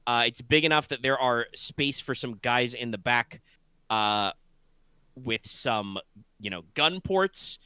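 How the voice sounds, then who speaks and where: A drowsy male game master describes scenes over an online call, wandering through fillers and restarts. His voice is bright and crisp. The sound is dry and close. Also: medium pitch, slow pace, no echo. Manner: rambling, full of fillers and restarts. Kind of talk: narrating a tabletop game.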